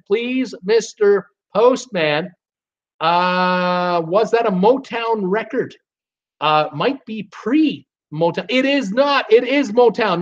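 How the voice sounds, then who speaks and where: A man hosting a live trivia stream, reading out viewers' guesses with many fillers and half-singing song titles. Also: high voice. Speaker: live trivia show host. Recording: dull lo-fi stream audio.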